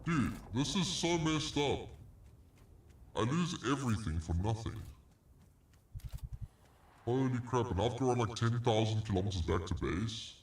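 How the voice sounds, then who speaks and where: A man's voice: medium pitch, expressive, a little slow, pauses often, a little hiss or hum. A man streaming a game, ranting in exasperation and swearing at what happens on screen. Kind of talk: live gameplay commentary.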